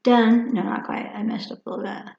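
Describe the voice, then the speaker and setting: A woman's voice: a little high, little pitch movement, fairly quick, creaky, darkish tone. A woman over fifty chatting casually through a makeup tutorial, rambling and talking to herself as she works. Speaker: makeup vlogger. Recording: echoey room, dull lo-fi sound.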